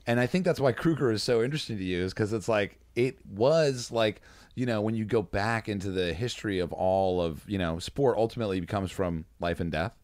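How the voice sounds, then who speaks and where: A man hosting a podcast, talking casually in a rambling, halting way and often restarting his sentences. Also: on the low side, a little mellow, no room sound, studio quality. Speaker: podcast host. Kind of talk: casual chat.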